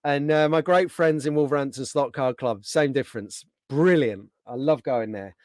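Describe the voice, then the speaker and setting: A man's voice: medium pitch, normal speed, a little mellow, dry recording. A man hosting a casual livestream, chatting in a friendly way and reading out viewer comments. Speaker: livestream host.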